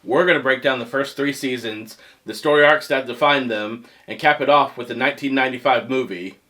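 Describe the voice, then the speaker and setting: A man hosting a comedic movie review show, animated and joking, poking fun at himself. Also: medium pitch, a little fast. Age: adult past teens. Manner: animated, joking, self-mocking.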